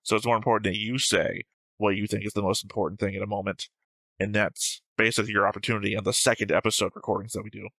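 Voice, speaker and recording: A man's voice: on the low side, level tone, fast, sharp tone, no echo. A man co-hosting an anime reaction show in casual, joking chat, explaining his reasoning at length.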